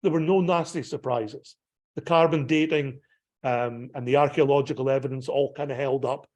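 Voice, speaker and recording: A man speaking as a pastor, presenting a travel talk to his congregation. His voice sits at an ordinary middle pitch. His delivery is conversational and meandering, full of fillers and quick self-corrections. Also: steady tone, darkish tone.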